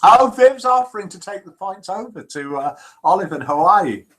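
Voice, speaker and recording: A man hosting a live call-in show, in a jokey, lively manner, chatting and reading out listener messages. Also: sits high, moderate pace, husky.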